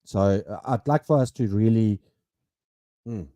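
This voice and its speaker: Low, mellow-voiced man musing hesitantly. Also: measured pace, no echo. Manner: hesitant, many fillers and restarts. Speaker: podcast co-host. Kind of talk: casual chat.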